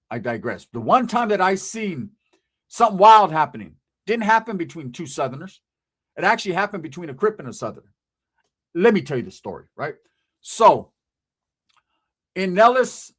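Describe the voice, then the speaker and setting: A man with a fairly high voice talks straight to his audience. He is blunt and emphatic, swears often and uses a lot of street slang. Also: fairly bright tone. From Southern California. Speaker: channel host. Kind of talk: casual monologue to camera.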